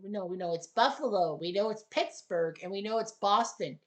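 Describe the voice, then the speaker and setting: A woman giving play-by-play commentary on a table hockey game, with excited goal calls and sarcastic asides to the viewers. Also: mid-range voice, normal speed.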